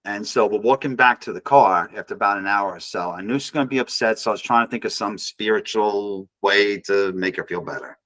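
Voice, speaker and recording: A man's voice: lowish voice, a little fast, few pauses, a bit bright. A man, an author and guest speaker, telling a personal story with wry humor, often restarting and acting out quoted voices. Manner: rambling, self-correcting, acts out quoted voices.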